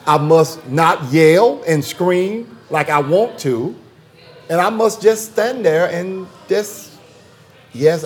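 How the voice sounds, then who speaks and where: A man, a theologian guest in a conversational interview, talking emphatically and repeating phrases for rhythm. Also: a little high.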